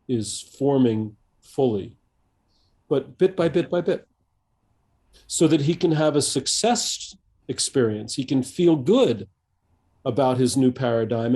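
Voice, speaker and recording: Man, 50s, mellow warm voice, coach, podcast interview, thoughtful, halting, many restarts. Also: medium pitch. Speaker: executive coach, guest.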